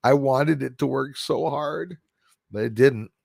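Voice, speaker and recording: Quebecois male streamer, mid-pitched, dry close sound, loose rambling chat with viewers. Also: a little slow, gravelly, darkish tone, breathy edge, dry recording. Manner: rambling, reads out and answers viewer comments. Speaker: live stream host. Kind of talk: casual live stream chat.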